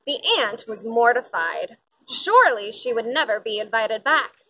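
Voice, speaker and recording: A woman reading a children's picture book aloud, with expressive, lively storytelling. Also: on the high side, unhurried, slight background noise, poor audio. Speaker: storybook reader.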